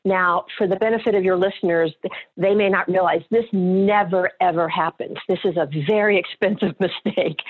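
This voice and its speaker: A woman's voice: mid-range voice, slightly rough. A middle-aged actress telling her personal story in an interview, earnest and emotional. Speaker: actress guest. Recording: phone-line sound.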